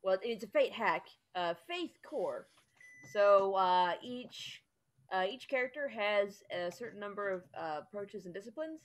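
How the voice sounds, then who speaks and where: A woman's voice: medium pitch, lively intonation, normal speed. A woman running a tabletop game as game master, explaining the rules in a chatty way with lots of ums.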